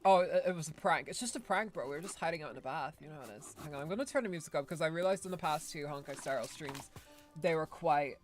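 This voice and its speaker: A woman's voice: deep voice, quick pace, darkish tone, soft background music. A woman streamer giving casual, rambling gameplay commentary, often correcting herself and laughing.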